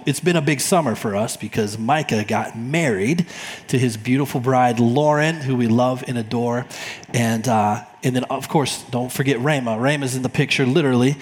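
A man in his forties, a pastor, opening his sermon in a relaxed, chatty way with some fillers and restarts. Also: mid-range voice, moderate pace. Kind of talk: friendly sermon introduction. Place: church auditorium. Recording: long church hall reverb.

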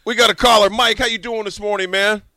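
A man hosting casual sports talk radio, excitable, laughing easily and calling everyone "man". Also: high voice, fast talker, no echo, clean studio sound. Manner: excitable, laughs often, calls people "man". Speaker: radio host.

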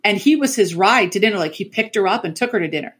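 A middle-aged woman, a podcast guest, telling family stories in casual chat over a remote call, animated and laughing often. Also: mid-range voice, fast, breathy edge. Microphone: remote call mic.

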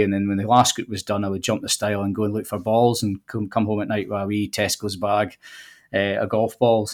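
A Scottish man in his forties talks in a low, even voice that barely rises or falls. He tells his stories in a relaxed, nostalgic way with easy fillers, like a podcast guest. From southwest Scotland. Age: 40s. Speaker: golf links manager guest. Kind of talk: casual podcast chat.

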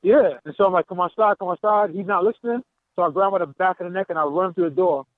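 A man's voice: high voice, lively intonation, racing, dry recording. A man calling in to a talk show from a gym, animatedly retelling a confrontation and acting out the dialogue. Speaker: caller. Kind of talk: phone-in storytelling. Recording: tinny dry phone line.

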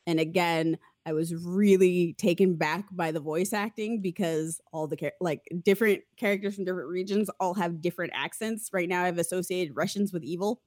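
A woman's voice: on the low side, fairly quick, hardly any pauses, a little mellow, dry recording, studio quality. A young woman co-hosting a podcast, chatting casually and rambling with many fillers and frequent laughs. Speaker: podcast co-host. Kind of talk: casual chat.

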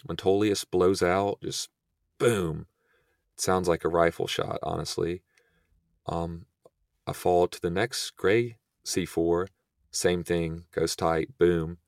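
A young man speaks low with a rough, creaky edge to his voice. He recounts events as a podcast guest in a relaxed, rambling way, with plenty of fillers. The sound is dry and close, with no room echo. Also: takes it slowly. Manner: relaxed, filler-heavy retelling. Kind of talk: casual storytelling.

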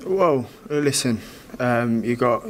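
Un jeune boxeur à l'britannique qui répond en interview d'après-combat sur un ton détendu et un brin moqueur, entre deux rires. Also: male voice, mid-range voice, animated, takes it slowly, a little hiss or hum. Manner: casual, laughs often, dismissive. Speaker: boxer. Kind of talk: post-fight interview.

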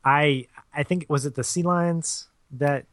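A man's voice: a little high, measured pace, a bit bright, no room sound. A man co-hosting a podcast, chatting casually in a thoughtful, somewhat hesitant way. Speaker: podcast co-host.

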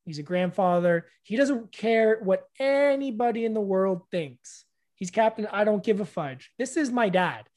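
A man's voice: high-pitched, measured pace, a little mellow. A middle-aged man hosting a casual conversation, who tells family stories and asks reflective questions.

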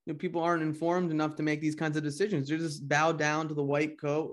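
Male podcast co-host, slightly high voice, casual and blunt, curses easily. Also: flat delivery, fast talker, few pauses. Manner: casual, blunt, swears freely. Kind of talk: podcast interview.

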